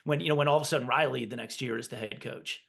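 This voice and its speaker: A man's voice: medium pitch, racing, vocal fry, fairly bright tone. A man hosting an interview, asking long questions and correcting himself as he goes. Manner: rambling, self-correcting questions with fillers. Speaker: podcast host, interviewer.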